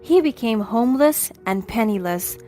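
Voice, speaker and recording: Cool, steady woman narrating a story. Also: a little high, normal speed, faint music behind. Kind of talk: scripted first-person story narration.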